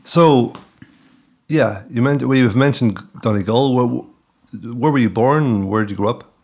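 A man's voice: mid-range voice, normal speed, darkish tone. A man hosting an interview, asking short, curious follow-up questions. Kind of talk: conversational interview.

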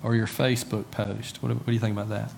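A man's voice: on the low side, level tone, quick pace, gravelly, darkish tone, slight background noise. A man preaching a sermon in a conversational way, often asking his listeners rhetorical questions and repeating words for emphasis. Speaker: pastor.

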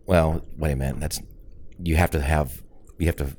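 A man co-hosting a podcast, rambling and halting in casual chat. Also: very deep voice, fairly even intonation, darkish tone. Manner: rambling, halting, restarts often. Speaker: podcast co-host.

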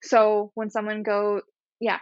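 A woman's voice: medium pitch, completely flat delivery, takes it slowly, dry recording, lo-fi sound. A woman physiotherapist explaining exercises in a casual, chatty way, laughing often and guiding breathing step by step.

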